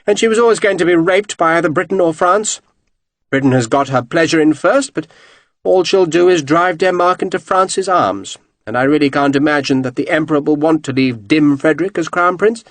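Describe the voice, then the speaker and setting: A man's voice: fairly high pitch, fairly quick, dry recording, pitched above the performer's own voice, lightly acted. A man voicing a cheerful, urbane renegade officer who speaks in a suave, mocking drawl. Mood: amused, urbane.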